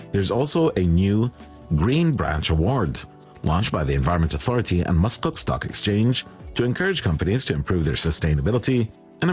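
Deep-voiced male radio news presenter. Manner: steady, clear read from a script. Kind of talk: scripted news reading.

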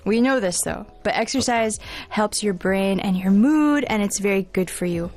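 A woman's voice: medium pitch, normal speed, a little mellow, faint music behind. A woman co-hosting a casual talk show, chatty and upbeat, laughing often. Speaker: podcast co-host. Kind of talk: casual chat.

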